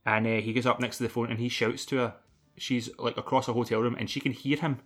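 Scottish guy, bright tense voice, rambly sweary film recap chat. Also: medium pitch, level tone, fast, breathy edge, soft background music. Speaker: podcast co-host.

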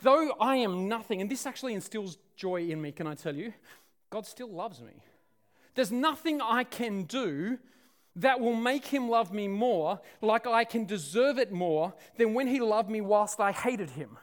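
A man preaching a sermon, swinging from loud declarations to hushed, dramatic near-whispers. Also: high-pitched, expressive, a little slow.

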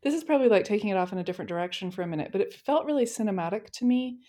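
Woman gushing about a novel she loved, mellow warm voice, casual chat. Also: medium pitch, racing. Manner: enthusiastic, lively storytelling. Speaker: book discussion co-host.

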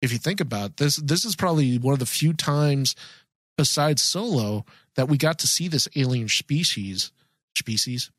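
Excited rambling man, higher voice. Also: moderate pace, no room sound. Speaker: podcast co-host. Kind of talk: casual chat.

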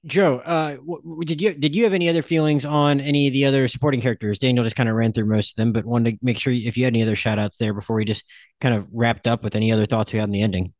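A man hosting a podcast in casual chat, talking quickly with lots of fillers. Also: mid-range voice, steady tone, a little mellow, dry recording. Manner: rapid, chatty, many fillers. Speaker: podcast host.

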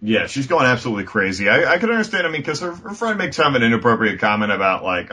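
A man co-hosting a casual movie review, recapping the plot in an animated, mocking way. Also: mid-range voice, rapid-fire, few pauses. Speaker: podcast co-host.

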